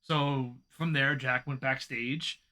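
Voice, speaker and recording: A man co-hosting a casual wrestling podcast, talking in an animated way and swearing as he vents. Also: medium pitch, slow pace. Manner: animated, swearing, venting frustration. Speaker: podcast co-host.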